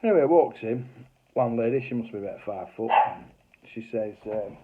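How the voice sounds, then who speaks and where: A man's voice: medium pitch, moderate pace, very noisy. A middle-aged man with a broad Lancashire accent telling a casual work anecdote, swearing freely, on a tinny phone-quality recording. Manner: lively, swears freely, broad dialect grammar. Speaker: cable TV engineer.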